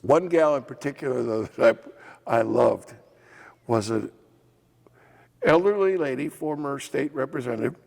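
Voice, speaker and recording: Older man, gravelly voice, lively animated pitch, storytelling interview, reverberant hall recording. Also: moderate pace, pauses often. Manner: animated anecdotes with acted quotes and laughs. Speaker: former legislator and assistant insurance commissioner. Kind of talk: storytelling oral history interview.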